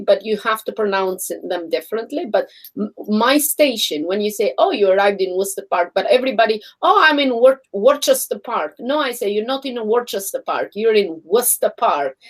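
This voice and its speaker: A woman co-hosting a casual live chat, animated and insistent, laughing often. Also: a little high, normal speed. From not British, lives in London area. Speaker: co-host.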